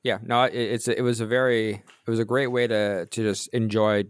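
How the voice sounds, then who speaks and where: A man's voice: lowish voice, level tone, normal speed, smooth, dry recording. A man hosting a podcast, leading casual chat with jokey, self-deprecating banter. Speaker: podcast host.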